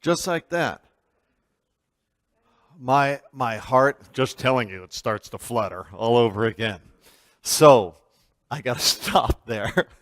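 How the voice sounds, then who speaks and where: A man leads a church history class, retelling an experience with animated emphasis and quick restarts. His voice sits in a middle pitch. The sound is dry, with no room echo. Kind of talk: storytelling lecture to a class.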